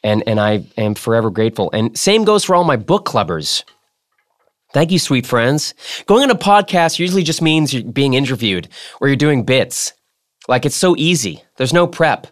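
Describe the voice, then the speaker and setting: A man hosting a podcast, reading a novel excerpt in a measured way and then chatting loosely and jokingly. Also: mid-range voice, very animated, no echo, clean studio sound. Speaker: podcast host. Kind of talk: reading aloud and casual chat.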